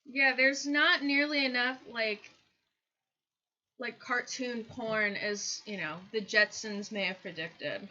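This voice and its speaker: A woman hosting a casual comedic chat over a video call, telling rambling, animated stories. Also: fairly high pitch, slow, slight background noise. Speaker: host. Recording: dull lo-fi call audio.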